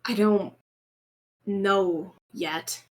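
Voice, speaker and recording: A woman playing a young woman unsure of who she is, who speaks slowly and pauses often. Her voice sits at a middle height and has an even, plain sound. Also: mid-range voice. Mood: hesitant. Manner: hesitant, with pauses.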